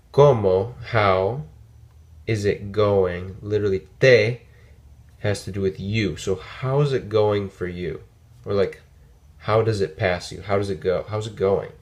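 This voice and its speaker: A man with a fairly low voice teaches a relaxed classroom lesson. He repeats phrases patiently and keeps checking understanding with quick "right?" and "okay?" asides. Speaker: Spanish teacher.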